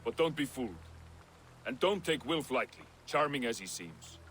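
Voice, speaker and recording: Male actor as a game's uneasy young outlaw, mid pitch, hoofbeats and noise behind. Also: lively intonation, a bit bright, natural voice. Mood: uneasy earnest. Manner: earnest, uneasy, halting. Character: weary young man fleeing his old gang. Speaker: video game character.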